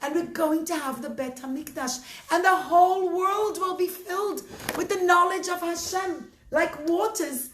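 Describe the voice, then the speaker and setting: A woman telling a story to children with expressive, dramatic pacing. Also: extremely high pitch, normal speed. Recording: roomy echo, faint noise.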